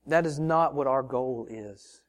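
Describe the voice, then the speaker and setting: A man's voice: medium pitch, a little slow. A man preaching a sermon as pastor, earnestly pressing the congregation with rhetorical questions and calling them brothers and sisters. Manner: addresses listeners as brothers and sisters.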